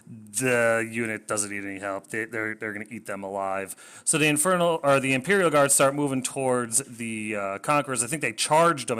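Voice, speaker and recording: A man's voice: medium pitch, a bit bright. A man casually narrating a tabletop wargame battle report, rambling, self-deprecating and swearing when things go wrong.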